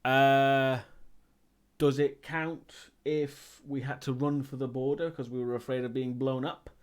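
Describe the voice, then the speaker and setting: A man's voice: medium pitch, flat delivery, a little slow, clean tone. A man streaming live and chatting casually as he answers viewer questions, rambling and hesitant, with many ums and restarts.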